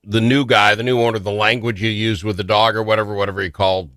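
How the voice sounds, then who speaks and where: A man hosting a radio show, chatty and quick to laugh as he asks questions in casual chat. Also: lowish voice, no room sound. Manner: chatty, laughs easily, animated. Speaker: radio host.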